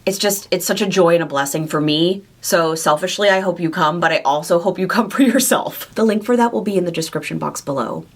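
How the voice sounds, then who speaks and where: A woman hosting a question-and-answer vlog to camera, speaking candidly and warmly about her own weight loss journey and her affection for her viewers. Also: fairly low pitch, a little fast, few pauses. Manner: candid, heartfelt, confiding. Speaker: weight loss surgery coach and channel host.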